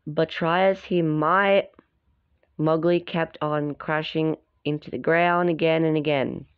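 Her low voice is clear and resonant as she casually reads a storybook aloud, stopping to chat and comment on the pictures. The recording is dull, dry and lo-fi, with no room sound.

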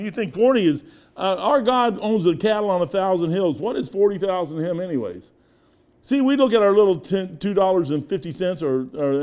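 A man in his sixties, a pastor with a Midwestern American accent, preaching a sermon in a folksy, rambling storytelling way with asides. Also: sits high. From United States. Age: 60s.

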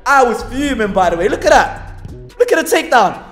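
A man, a football team manager, giving a voice-over commentary on his team's match, excitable and teasing his players. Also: extremely high pitch, a little fast, soft background music.

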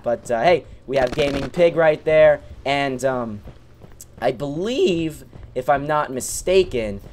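A young man hosting a gaming channel, giving chatty, excitable gameplay commentary with self-mocking asides and playful trash talk at other players. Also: on the high side.

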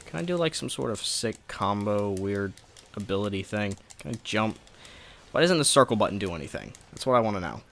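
A man's voice: lowish voice, very animated, a little fast, creaky, fairly bright tone, a little hiss or hum. A man giving profane, sarcastic gameplay commentary, ranting at a boss fight. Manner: profane, ranting frustration at the game. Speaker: let's play gamer.

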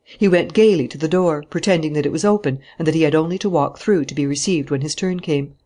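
Audiobook narrator, steady even read, mid pitch, plain delivery. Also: quick pace. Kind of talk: scripted narration.

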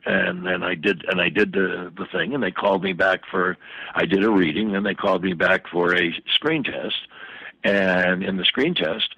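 Older man, husky, fairly low voice, dry sound, rambling anecdotal storytelling, podcast guest. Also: bright, forceful tone, no room sound, low-quality recording. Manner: rambling, full of fillers and restarts.

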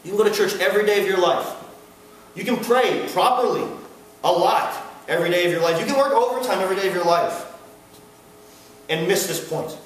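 A man's voice: high voice, fairly quick, pauses often, fairly bright tone, distant mic. A young man preaching an earnest, emphatic sermon to a student fellowship. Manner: earnest, builds to emphatic peaks, acts out a screaming son. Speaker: campus fellowship speaker. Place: large hall at a student gathering. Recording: echoey hall recorded from afar.

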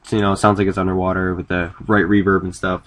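A man's voice: low voice, little pitch movement, quick pace, crowd noise. Casual, rambling man giving a tutorial. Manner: casual and rambling, self-correcting. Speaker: video tutorial maker. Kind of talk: casual screen-recorded software tutorial.

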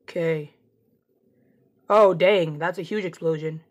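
Excitable woman narrating her gameplay. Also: lowish voice, takes it slowly. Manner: chatty, excitable, taunts opponents. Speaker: gameplay streamer. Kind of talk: casual gameplay commentary.

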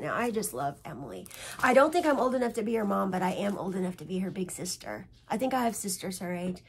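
A woman's voice: mid-range voice, creaky, a little mellow, slightly rough. A middle-aged woman vlogging casually from home about cross-stitch, rambling and chatty, restarting and correcting herself often. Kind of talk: casual chat.

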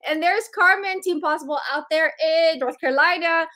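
Chatty high-pitched lady doing live shout-outs, bubbly and warm, calls everyone girlfriend. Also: a little fast, hardly any pauses. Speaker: host of a live sales stream.

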